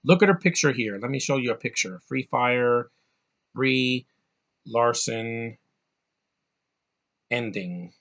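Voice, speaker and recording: A man's voice: medium pitch, slow pace, long pauses, a bit bright. Profane, rambling man ranting about movies. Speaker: movie review vlogger. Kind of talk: casual ranting movie review.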